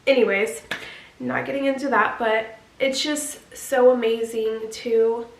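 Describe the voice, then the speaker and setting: A woman with a fairly high voice chats to her viewers in a bubbly, gushing way, easily getting emotional as she talks. The sound has a roomy echo around it. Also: fairly even intonation, a little slow, gravelly, a little hiss or hum. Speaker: vlogger. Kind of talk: casual chat to camera.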